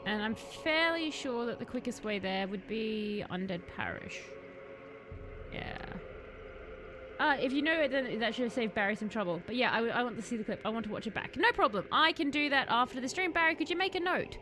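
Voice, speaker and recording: A woman's voice: on the high side, animated, fairly quick, noisy background. A woman streaming a video game, chatting casually with her viewers and laughing often. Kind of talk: casual gaming live-stream commentary.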